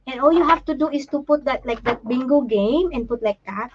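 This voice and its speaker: High-voiced woman, halting and emotional. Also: highs cut off, a little hiss or hum. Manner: emotional, halting, many restarts; shows materials to the camera while talking. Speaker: livestream host and parent. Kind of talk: casual live chat.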